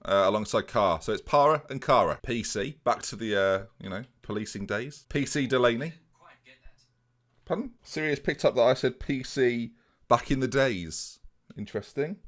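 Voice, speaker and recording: A man's voice: medium pitch, fairly bright tone. A man giving casual, self-mocking commentary on a football management game, talking straight to his viewers.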